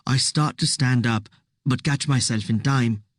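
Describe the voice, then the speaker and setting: Woman reading a kids novel aloud, slow and steady, dry close mic. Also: rumbling low, dry recording. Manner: measured, unhurried storytelling. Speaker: audiobook narrator. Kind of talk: first-person audiobook narration.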